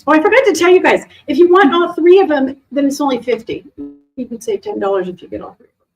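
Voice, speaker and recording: A middle-aged woman, an animal communicator, chatting casually to a live audience and answering questions in a lively, animated way. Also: high voice, fast talker, soft background music, rough recording. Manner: chatty, animated, acts out quoted voices. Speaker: animal communicator and intuition teacher.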